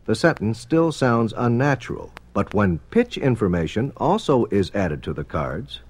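A man narrating a formal documentary in a measured, explanatory manner. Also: on the low side, breathy edge. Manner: measured, explanatory, expressive intonation.

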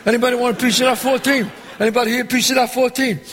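An actor playing a middle-aged gangster boss who runs a dice game. He is loud and bossy, and he swears and throws insults around freely. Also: very high-pitched, flat delivery, rapid-fire. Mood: boisterous. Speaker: mob boss at a craps game. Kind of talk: film dialogue. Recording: echoey hall sound with faint ambience.

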